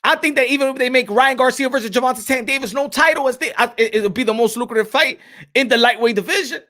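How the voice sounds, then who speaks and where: Speaking fast, a man with a very high, bright, forceful voice hosts a boxing talk show. He riffs to his viewers with animated, hyped emphasis, stretching words out. It all sounds loose and unscripted, like live commentary chat.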